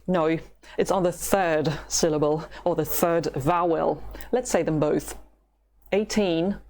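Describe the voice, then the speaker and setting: Russian-accented woman teaching, slow and patient, lowish voice, drills words for you to repeat. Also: darkish tone. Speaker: language teacher. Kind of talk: slow, careful pronunciation lesson.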